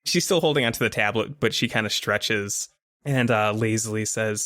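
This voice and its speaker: A man narrating as game master in a tabletop game, relaxed and descriptive. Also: fairly low pitch, normal speed, no room sound, studio quality.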